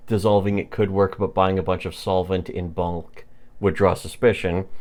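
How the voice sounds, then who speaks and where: Man doing a calm, cold young man, matter-of-fact, low comic-strip reading. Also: normal speed, natural voice.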